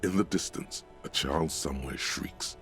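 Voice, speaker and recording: A man voicing a dry, calm inner-voice narrator in a game, speaking in a measured, gravelly way. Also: soft background music. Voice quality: deep and gravelly.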